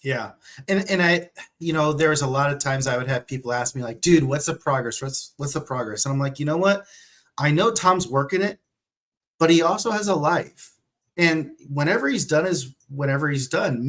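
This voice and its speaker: A man's voice: a little high, expressive, moderate pace, a bit bright. A man, an author hosting the talk, chatting casually in an upbeat way and laughing often. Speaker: author and host. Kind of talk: casual chat.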